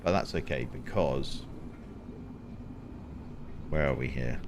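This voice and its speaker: Lively man streaming a game. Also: rumbling low, slow pace, long pauses, background noise. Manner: chatty, talks to himself, animated exclamations. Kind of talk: casual gameplay commentary.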